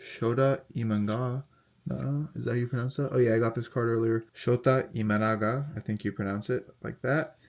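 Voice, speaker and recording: A young man casually talking through a card unboxing, reading off player names in a steady, relaxed list. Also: mid-range voice, fast, gravelly, hardly any pauses. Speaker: card collector unboxing host.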